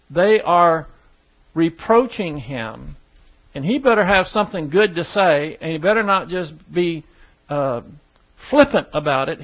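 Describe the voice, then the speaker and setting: Preacher guy, high voice, reads the verses then chats about them, muffled lo-fi sound. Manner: reads scripture aloud and explains it in plain, conversational asides. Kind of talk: sermon.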